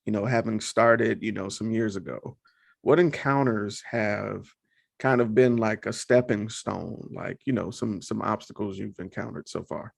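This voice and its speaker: A man's voice: fairly low pitch, measured pace, vocal fry, no room sound, studio quality. A man hosting a casual interview, talking in a laid-back, slangy, encouraging way. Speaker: podcast host.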